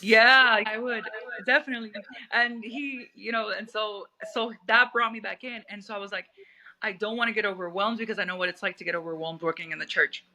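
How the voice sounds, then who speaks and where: Puerto rican woman guest, 30s, bright voice w/ lots of fry, rambly with restarts and fillers. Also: medium pitch, steady tone, brisk, low-quality recording. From Puerto Rico. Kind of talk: personal storytelling interview.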